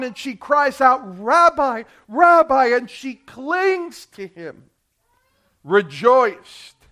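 High-pitched preacher guy, big loud and soft swings, acts out the voices. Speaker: pastor. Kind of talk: sermon.

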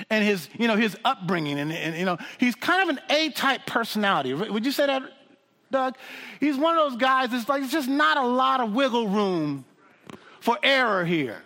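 A man preaching a sermon in an animated, humorous way, with frequent restarts and asides. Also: extremely high pitch, normal speed, long reverb tail.

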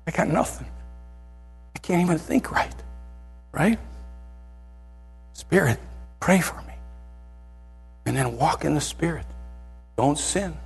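Male preacher, husky and animated, sermon delivery, faint music bed. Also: sits high. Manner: animated, keeps asking "right?".

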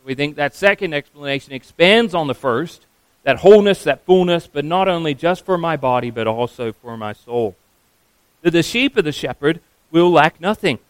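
A man preaching a sermon as a pastor, earnest and emphatic, slowing down on key phrases. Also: fairly high pitch, animated, clear, resonant tone, no echo, low-quality recording.

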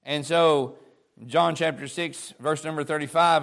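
A man's voice: a little high, fairly even intonation, a little slow, gravelly, fairly bright tone. Folksy preacher man, conversational delivery. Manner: folksy, conversational, repeats words when restarting. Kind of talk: informal sermon.

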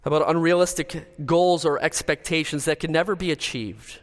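Male pastor, earnest, measured sermon delivery, slightly high voice, long church reverb. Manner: earnest, measured, list-driven.

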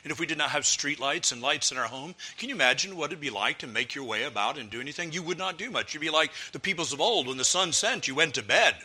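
A man preaching a sermon, moving from loud, ringing exclamations down to hushed, quiet passages. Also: fairly high pitch, expressive, fast, hardly any pauses, husky.

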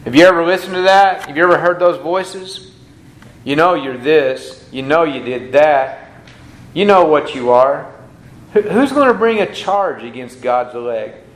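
A man preaching a sermon as pastor, swinging between hushed asides and loud emphatic passages. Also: fairly high pitch, animated, unhurried, roomy sound, rough recording.

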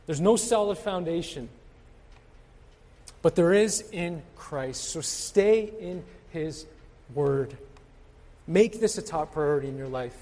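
Man preaching, slightly high voice, reverberant church. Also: darkish tone. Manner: earnest, exhorting, repeats key phrases. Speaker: pastor. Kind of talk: sermon. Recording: reverberant hall.

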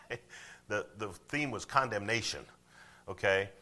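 A man preaching a sermon, talking conversationally and asking the congregation questions, swinging from loud to hushed. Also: fairly low pitch, takes it slowly, a little hiss or hum. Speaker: pastor.

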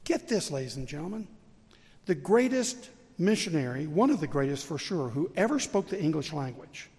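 Older Southern preacher in a reverberant sanctuary. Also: male voice, fairly high pitch, a little mellow, husky. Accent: Southern American. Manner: storytelling preacher, rising to emphatic peaks. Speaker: pastor. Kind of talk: sermon. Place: large church sanctuary. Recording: long reverb of a church sanctuary.

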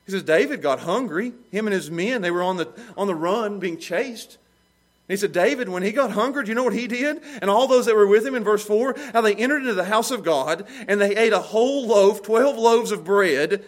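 A man preaching a sermon with animated delivery, swinging between loud emphasis and low, quiet passages, laughing often as he talks.

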